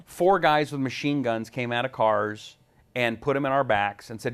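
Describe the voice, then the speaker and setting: A man who hosts a talk show on the radio sits as a guest and tells animated stories. He slips in and out of the voices of the people he quotes. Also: medium pitch, moderate pace, smooth. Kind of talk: storytelling in an interview.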